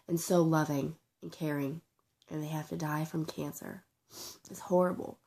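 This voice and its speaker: A young woman with a sore throat talking in a personal vlog, halting, tearful and full of restarts. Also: low-pitched, fairly even intonation. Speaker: vlogger.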